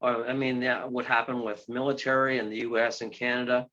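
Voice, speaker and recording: A man's voice: mid-range voice, a little fast. Rambling male guest telling a story. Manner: rambling, full of fillers and restarts, with excited exclamations. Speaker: guest, ghost tour guide and paranormal investigator. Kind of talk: storytelling in an interview. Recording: dull lo-fi sound.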